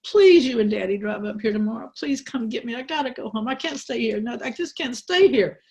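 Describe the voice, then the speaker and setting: A woman's voice: on the high side, fast, gravelly, voice pushed up. Woman doing a pleading twelve-year-old girl. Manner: pleading, breathless.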